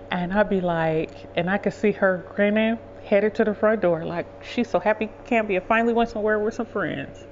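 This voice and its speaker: A woman's voice: medium pitch, muffled recording, slight background noise. A woman hosting a podcast, telling a personal story in a rambling, conversational way and often correcting herself mid-sentence. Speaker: podcast host. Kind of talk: casual storytelling monologue.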